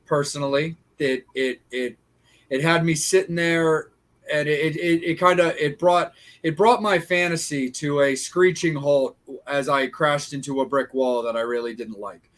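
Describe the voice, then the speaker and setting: A man with a somewhat high voice hosting a relaxed podcast chat. He stumbles through restarts as he works toward his point. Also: a little slow. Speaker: host.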